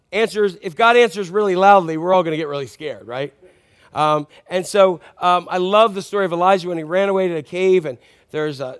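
A male pastor delivering a conversational sermon and often asking the congregation questions. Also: sits high.

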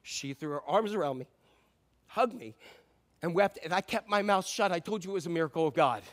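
A middle-aged pastor delivers a sermon, spinning stories conversationally and shifting between loud emphasis and quiet asides. His voice is high and animated, and he talks fairly quickly.

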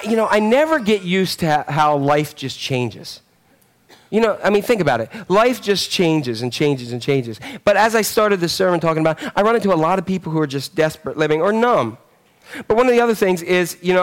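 A man in his forties preaching a sermon in a conversational, rambling way, telling animated stories full of fillers and restarts. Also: on the high side. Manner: animated storytelling. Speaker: pastor.

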